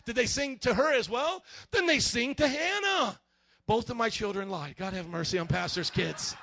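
A male pastor preaching a sermon in church, animated and joking, speaking straight to the congregation. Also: very high voice, moderate pace, gravelly, no echo.

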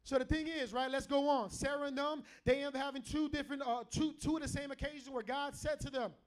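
A man in middle age preaches to a live church congregation with a strikingly high voice. He jokes, teases and calls out to the crowd as he goes. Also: quick pace. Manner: animated, joking, calls out to the congregation. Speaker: pastor. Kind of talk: lively preaching sermon.

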